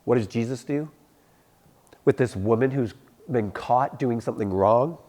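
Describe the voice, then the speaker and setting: Speaking in a mid-range voice at a somewhat slow pace, this youth pastor delivers a sermon to young people. He animates his stories with acted-out voices and chuckles at them himself.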